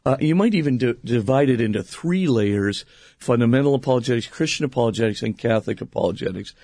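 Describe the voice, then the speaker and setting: A priest speaking earnestly and emphatically, explaining theology in conversation with frequent restarts and rhetorical questions. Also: male voice, medium pitch, lively intonation, fast, darkish tone, no room sound, studio quality. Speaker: priest and guest.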